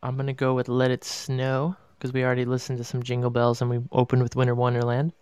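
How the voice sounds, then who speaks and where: A man's voice: mid-range voice, monotone, fast, darkish tone, clear, resonant tone, dry recording. A man hosting a casual call-in chat, talking in a friendly, chatty way. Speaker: host.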